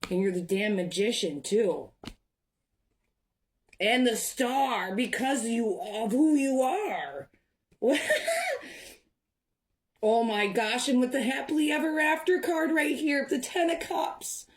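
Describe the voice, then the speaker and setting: A young adult woman giving an excited tarot reading to camera, gushing and breaking off into fillers. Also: on the high side, measured pace. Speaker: tarot reader.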